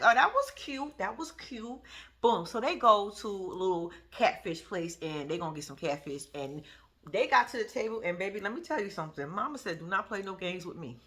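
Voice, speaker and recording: A woman giving sassy, animated casual commentary, often laughing. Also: mid-range voice, brisk. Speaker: reality TV recap vlogger.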